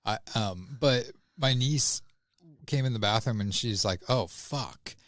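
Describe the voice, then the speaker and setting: A man co-hosting a podcast, talking casually and haltingly with many restarts. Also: on the low side, a bit bright, no room sound, clean studio sound. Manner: hesitant, with many fillers and restarts. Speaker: podcast co-host. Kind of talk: casual chat.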